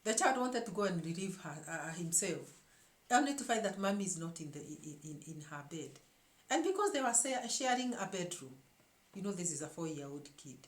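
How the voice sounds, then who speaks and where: A woman's voice: on the low side, sing-song, brisk. A woman hosting her own show, telling a story to her viewers in an emphatic way and often repeating words as she searches for the next one. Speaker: show host. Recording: echoey room.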